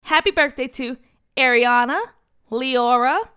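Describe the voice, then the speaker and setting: A woman hosting a children's story podcast. She reads announcements and narrates in an excited, energetic way. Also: sits high, a little slow, clean tone.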